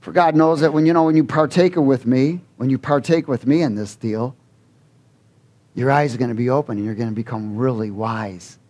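A man's voice: medium pitch, steady tone, moderate pace, darkish tone, close to an everyday voice. A male preacher voicing the serpent as a sly, casual tempter during a sermon. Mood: coaxing. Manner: casual, coaxing, persuasive.

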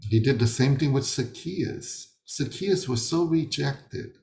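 A man speaks slowly in a mid-range, darkish voice, the sound reverberant, as he leads a sermon session by video call. This ministry leader teaches emphatically, posing rhetorical questions that he goes on to answer.

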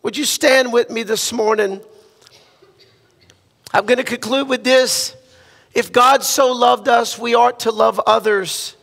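A man's voice: extremely high pitch, fairly even intonation, unhurried, creaky, a bit bright, long reverb tail. A man from Louisiana preaching a sermon as a guest pastor, impassioned and repetitive, moving into prayer. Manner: impassioned preaching, repeats phrases, ends in prayer. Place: church sanctuary.

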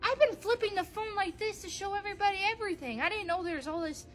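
A woman playing a sweet, easily puzzled middle-aged mother in a comedy skit, talking softly and calling others sweetie. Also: very high voice, quick pace, voice pushed up. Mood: doting. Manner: soft, doting, calls others sweetie.

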